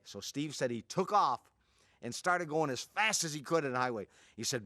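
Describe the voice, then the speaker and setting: An older man, a martial arts instructor, telling an anecdote in a lively storytelling manner and acting out quotes. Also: brisk, dry recording, studio quality. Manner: lively, animated, voices quotes at a much higher pitch.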